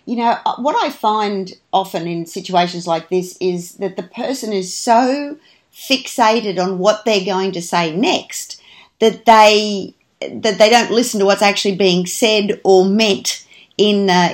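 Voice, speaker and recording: A woman's voice: medium pitch, a little slow. A woman interviewing a guest, asking questions and giving short attentive replies. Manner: attentive, brief affirmations. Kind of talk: conversational interview.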